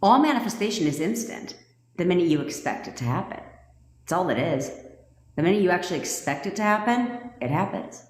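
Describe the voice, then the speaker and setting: A woman's voice: lowish voice, big pitch swings, brisk. A woman coaching viewers during a live stream, blunt, bossy and full of swearing, loose and joking as she talks. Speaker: manifestation coach. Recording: echoey room with long reverb.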